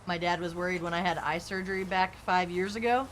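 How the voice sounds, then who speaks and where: A woman's voice: lowish voice, steady tone, brisk, heavy background noise. A young adult woman chatting casually on a game stream, rambling and candid, with lots of "like". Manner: rambling, candid, heavy use of "like". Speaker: live streamer. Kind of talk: casual stream chat while gaming.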